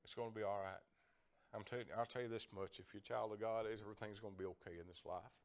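A man's voice: on the low side, fairly even intonation, fast talker. An older man, preaching a folksy lay sermon, repeating words and chuckling as he talks.

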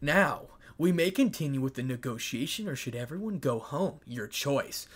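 A man's voice: medium pitch, normal speed, slightly rough. A man reading a fan story aloud, voicing a cold, mocking young man who has turned villain. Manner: flat, cold and sneering delivery.

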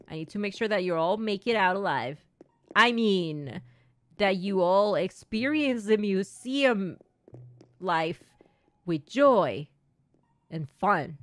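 A woman's voice: medium pitch, expressive, slow pace, dry recording. Playful woman streamer teasing her chat. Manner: playful, teasing, laughs often. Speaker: gaming streamer. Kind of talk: livestream chat, playing a strict teacher to viewers.

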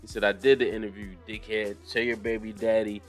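A young man with a fairly low voice talks through the news in loose, profane commentary. He breaks into laughter often and riffs animatedly between the lines he reads. Faint music plays behind him. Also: flat delivery, brisk. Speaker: commentary channel host. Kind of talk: casual commentary, reading news aloud.

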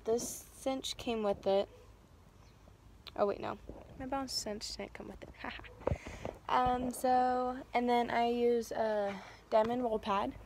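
A woman's voice: fairly high pitch, darkish tone, a little hiss or hum. A young woman with a stuffed-up nose, rambling casually through a vlog with lots of fillers and self-corrections. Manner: rambling, filler-heavy, stops to correct herself. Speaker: vlogger.

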